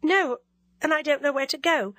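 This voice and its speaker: A woman's voice: high voice, moderate pace, fairly bright tone, dry recording, voice pushed up. A woman voicing a timid, earnest young woman stranded abroad in a storybook reading, pleading politely.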